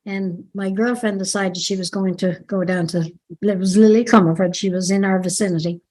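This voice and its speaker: Talking a little fast in a mellow, mid-range voice with fairly even intonation, this older Dubliner is a dance teacher being interviewed about her past. She rambles chattily and frequently stops to correct herself partway through sentences.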